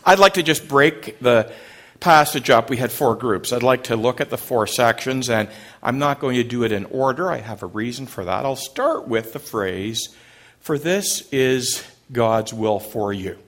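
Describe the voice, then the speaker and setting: A man of middle pitch delivers a church sermon in an easygoing, conversational way. He often pauses on "uh" and asks his congregation questions. He also drops small jokes between the points of his message. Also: lively intonation, fairly bright tone. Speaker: pastor. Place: church service before a congregation.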